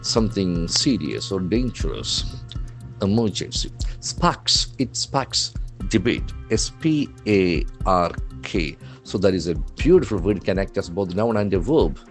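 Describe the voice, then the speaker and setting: A man's voice: deep voice, expressive, unhurried, soft background music. A man teaching vocabulary from the newspaper, spelling words out letter by letter and repeating them for practice. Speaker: English language trainer.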